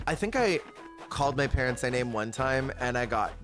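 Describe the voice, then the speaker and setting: A man's voice: mid-range voice, animated, normal speed. A man streaming a cozy game, chatting casually, answering his chat and laughing often. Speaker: Twitch streamer. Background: game music.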